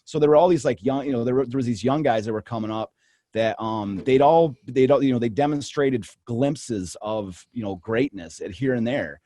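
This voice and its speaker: A man's voice: medium pitch, normal speed, warm tone, no room sound. A man co-hosting a casual podcast, telling history in a rambling, enthusiastic way with many restarts. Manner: enthusiastic storyteller. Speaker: podcast co-host and history researcher.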